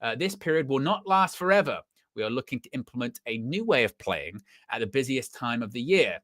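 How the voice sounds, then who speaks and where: A man's voice: mid-range voice, sing-song, brisk, fairly bright tone, no echo. A young man putting on a foreign accent to read out a football manager's earnest statement. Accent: put-on foreign accent.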